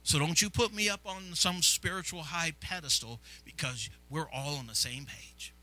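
A man from Illinois leads his church in a sermon. His voice sits fairly high and rings very bright and sharp. He preaches fervently, repeating phrases and dropping to near-whispers before rising into loud cries. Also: moderate pace, soft background music, poor audio. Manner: fervent, repetitive preaching that swings from hushed to loud. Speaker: pastor. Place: church sanctuary.

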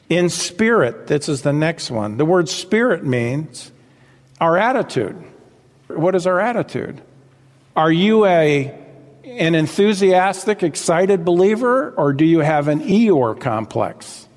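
A man preaching a sermon to his congregation, exhorting them directly and often calling out "listen" and "folks". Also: on the high side. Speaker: pastor. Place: church sanctuary with congregation. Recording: long hall reverb.

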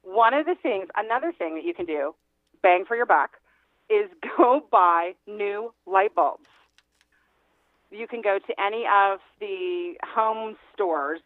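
A woman's voice: mid-range voice, expressive, a little slow, no room sound. A woman phoning in to a radio interview as a real estate agent guest. She talks in a chatty, emphatic way and laughs often. Her voice comes over a tinny phone line with a dry sound.

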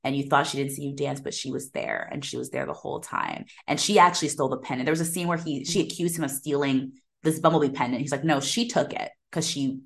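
A woman with a low-pitched voice co-hosts a casual podcast chat. She retells film scenes in an animated way, slipping into quoted voices and laughing often. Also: fast, gravelly, hardly any pauses. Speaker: podcast co-host.

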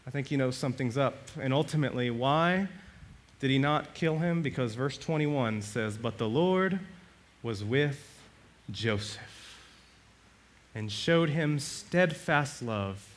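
A male pastor preaching a sermon, animated, swinging between loud and soft and acting out the quotes. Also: medium pitch, takes it slowly.

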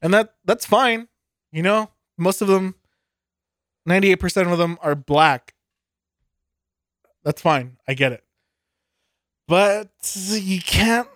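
Man, podcast co-host, heated profane rant, somewhat high voice, dry close sound. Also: slow, long pauses, a bit bright, dry recording. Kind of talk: casual beer podcast chat.

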